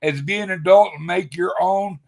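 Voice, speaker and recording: Gravelly man, gruff interruptions. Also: high-pitched, normal speed, darkish tone. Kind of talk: heated political argument.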